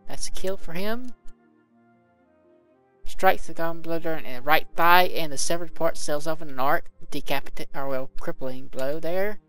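A man's voice: a little high, moderate pace, fairly bright tone, faint music behind, rough recording. A man commentating a video game, reading its combat log aloud and adding casual remarks. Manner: reads game text aloud with casual asides. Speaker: let's play commentator.

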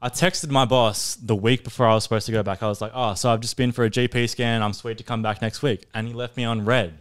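A man's voice: mid-range voice, steady tone, quick pace, clean tone. A young man, casually telling a long, sweary story on a podcast and laughing along as he goes. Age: young adult. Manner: laid-back, sweary, laughs while telling. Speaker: podcast co-host. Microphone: podcast studio mic.

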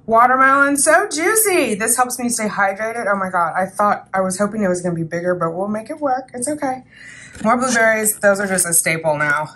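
A woman's voice: mid-range voice, animated, brisk, pushed and bright. A woman in her thirties chatting casually in a vlog, talking herself through her breakfast and her groceries. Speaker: vlogger.

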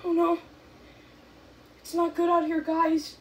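A woman's voice: very high-pitched, monotone, slow, slight background noise. A woman playing a horror game, exclaiming, pleading and shrieking in panic. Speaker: gamer. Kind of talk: scared let's-play commentary.

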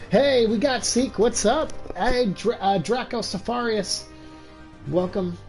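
A man's voice: high-pitched, takes it slowly, darkish tone, faint music behind, poor audio. A young man with a cold, worn out and stuffed up, chatting casually to his stream at home while keeping his voice down and rambling with lots of fillers. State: exhausted. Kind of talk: casual game-stream chat. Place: home room at night.

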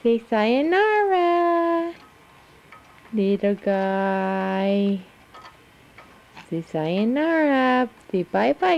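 A mother coos to her baby in drawn-out, sing-song baby talk, her voice high yet mellow. The sound is dull and lo-fi, like an old camcorder tape. She talks slowly and playfully. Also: gravelly. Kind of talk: home video baby talk. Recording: dull lo-fi home video.

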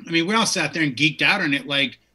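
DJ host in his 50s, husky, punchy and bright, rambling storyteller. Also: on the high side, fast. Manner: enthusiastic, tells long digressive stories. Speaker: DJ and show host. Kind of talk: casual chat.

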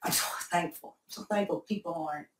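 A middle-aged woman speaking candidly in an interview, halting and repeating herself as she answers. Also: lowish voice. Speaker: interviewee, mother of the host. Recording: echoey room, mic far off.

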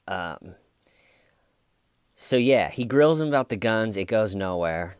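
A sardonic man with a somewhat low voice talks through a case in loose, rambling commentary. He jokes and mocks as he goes, and the sound is dry and close with no room echo. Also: expressive, slow, long pauses, clean tone. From United States. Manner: sardonic, mocking, rambling with restarts. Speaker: true crime commentator. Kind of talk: casual video commentary.

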